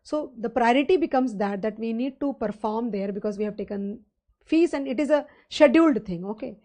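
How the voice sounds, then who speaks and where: This woman speaks a little high and brisk, with a warm tone and an Indian English accent, as she runs a live online lecture on finance. She rambles chattily, using lots of fillers and rhetorical questions for her class.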